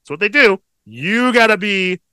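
A man's voice: high-pitched, moderate pace, smooth, no echo. A man in his thirties co-hosting a podcast, telling a family story casually and swearing freely. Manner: animated storytelling, swears a lot. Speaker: podcast co-host. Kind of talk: casual chat.

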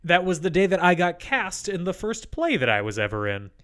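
A man co-hosting a podcast over a remote call, telling rambling stories with deadpan asides. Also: high voice, brisk. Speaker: podcast co-host. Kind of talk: casual chat. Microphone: remote call mic.

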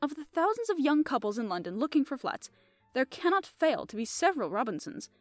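A woman reading aloud, voicing a fussy, polite middle-aged male detective who speaks with courteous, soft reproof. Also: sits high, big pitch swings, brisk, dry recording, faint music behind. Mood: explaining.

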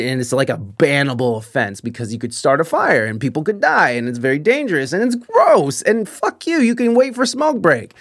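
Fast-cursing man telling a rambling story. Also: high-pitched, no echo, studio quality. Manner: profane, rambling, animated, with frequent restarts. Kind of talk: casual anecdote.

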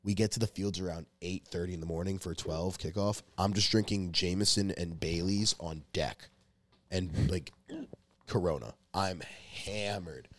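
Young guy, low voice, dry studio sound, rambling, swears constantly, casual storyteller. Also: moderate pace, dry recording. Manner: rambling, profane, restarts often. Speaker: podcast co-host.

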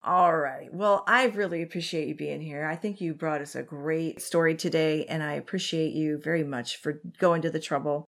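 A woman hosting her podcast over a remote call, gracious and quick to laugh. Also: sits low, fairly even intonation. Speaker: podcast host. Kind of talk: casual remote podcast chat.

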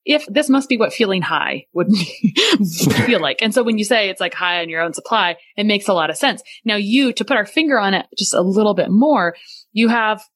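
A woman's voice: mid-range voice, animated, moderate pace, a bit bright, no room sound. A woman hosting an interview, asking curious questions and thinking aloud.

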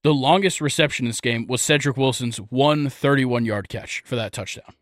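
A man's voice: medium pitch, moderate pace, dry recording, studio quality. A young man hosting a casual sports podcast, rambling and joking with lots of fillers. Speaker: podcast host.

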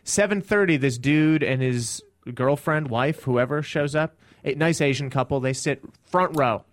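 A man, a stand-up comic, telling a story in casual podcast chat and acting out the people in it with sudden high shouts. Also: measured pace, dry recording.

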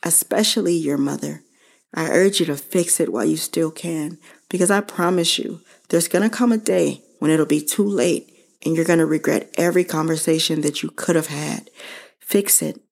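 Low voiced woman podcast host, slow heartfelt talk straight to listeners. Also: vocal fry, darkish tone. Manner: earnest and heartfelt, speaking directly to listeners. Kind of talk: personal reflective monologue.

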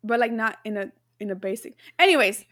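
Casual: woman podcast host giggling thru casual chat, bright sharp voice, dry sound. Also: a little high, animated, a little fast, dry recording. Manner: giggly, laughs often, playful slang.

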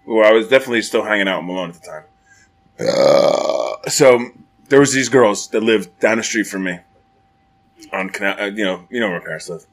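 A man telling a story in a casual, profane, rambling chat, growing loud and animated at the dramatic moments. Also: fairly low pitch, fairly quick.

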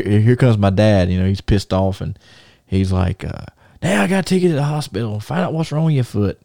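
Host, man. mellow tone, dry sound. chatty rambler. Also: fairly low pitch, vocal fry, dry recording. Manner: rambling, many restarts and fillers, animated. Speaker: podcast host. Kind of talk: casual storytelling and show segment intro.

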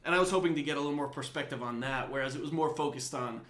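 A man's voice: fairly high pitch, very fast, fairly bright tone. A young man co-hosting a casual sports podcast, rambling with lots of fillers and restarts. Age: young adult. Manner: rambling, many likes and restarts. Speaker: podcast co-host. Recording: echoey room.

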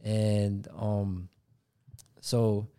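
A man co-hosting a podcast, telling a story in a relaxed, casual way, with lots of "like" fillers. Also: fairly low pitch, extremely slow, smooth. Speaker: podcast co-host. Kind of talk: casual chat.

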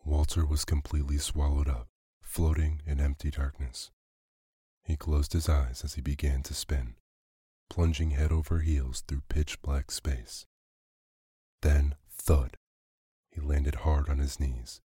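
Brief: male bedtime storyteller, very low husky voice, dry close sound. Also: flat delivery, unhurried, warm tone, dry recording. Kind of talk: calm bedtime story narration.

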